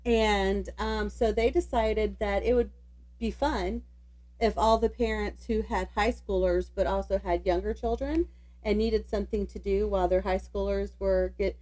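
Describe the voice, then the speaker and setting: A woman's voice: medium pitch, fairly even intonation, dark tone. A middle-aged woman co-hosting a podcast, chatting easygoing and laughing along. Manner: easygoing, quick to laugh, supportive. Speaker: podcast co-host. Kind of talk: casual chat.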